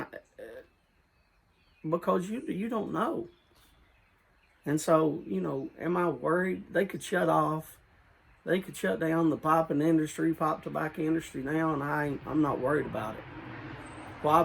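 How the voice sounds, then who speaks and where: A man's voice: a little high, vocal fry, husky, poor audio. A man with a rural Southern US accent talking in a casual, rambling vlog style about pipe tobacco, repeating and correcting himself and earnestly urging his viewers.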